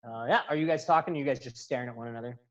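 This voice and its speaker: A man's voice: medium pitch, rapid-fire. A man running a tabletop game as game master, narrating in a loose, chatty way with many fillers. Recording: distant dull sound.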